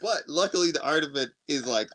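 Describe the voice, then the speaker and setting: A man's voice: on the high side, lively intonation, brisk, sharp tone. A man co-hosting a podcast, telling a story in casual chat with lots of profanity and laughter. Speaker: podcast co-host.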